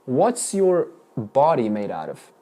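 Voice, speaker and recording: In this interactive spiritual class, a male Vedanta teacher keeps restarting as he peppers students with questions. He speaks slowly in a mid-range, dark voice with huge swings in pitch.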